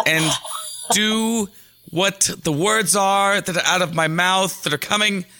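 A man's voice: sits high, steady tone, pushed and bright, a little hiss or hum, voice pushed up, full character voice. A man doing a tense, fussy celebrity impression. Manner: slow, precise, overly polite phrasing. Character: tense, fussy, overly formal grown man.

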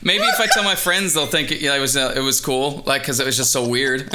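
A man's voice: mid-range voice, a little fast, pushed and bright, a little hiss or hum. A man co-hosting a casual comedy chat, rambling and joking with lots of restarts, acting out little voices. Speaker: podcast co-host.

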